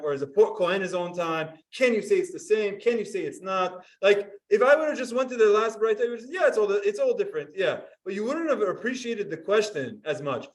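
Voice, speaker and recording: A man's voice: high voice, far from the mic, rough recording. A man teaching a Talmud class, explaining step by step and asking his students questions.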